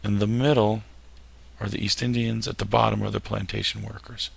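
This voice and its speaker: A male history teacher talks through his slides in a low, gravelly voice. The tone is husky and rough at the edges, and he keeps dropping in jokey, self-deprecating asides. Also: level tone, brisk. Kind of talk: recorded classroom lecture over slides.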